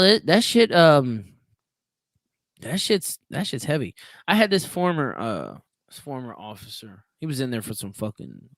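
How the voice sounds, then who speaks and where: A man who works as a prison sergeant, chatting casually on a podcast and telling profane stories with big swings between loud and quiet. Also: on the high side, no echo. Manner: profane storytelling with swings in loudness.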